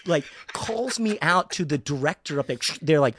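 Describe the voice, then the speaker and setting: A man's voice: medium pitch, fairly quick, few pauses, dry recording. A man telling an anecdote in casual podcast chat, talking with lots of fillers and acting out other people's voices. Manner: animated storyteller, lots of fillers, acts out voices. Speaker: actor telling a story.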